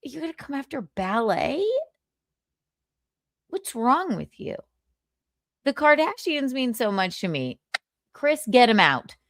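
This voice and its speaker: Lively, drawling woman ranting sarcastically. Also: a little high, takes it slowly, long pauses, no echo, clean studio sound. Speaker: livestream host. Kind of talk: casual gossip commentary.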